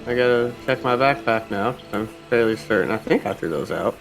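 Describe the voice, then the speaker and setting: Animated male tabletop player. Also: fairly low pitch, brisk, soft background music. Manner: animated, thinks aloud. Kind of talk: casual chat at a tabletop game.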